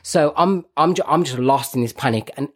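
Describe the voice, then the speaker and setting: A man's voice: medium pitch, a little fast. A man with a Birmingham accent, a podcast co-host telling a story in casual chat, laughing often and mocking himself. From Birmingham, England.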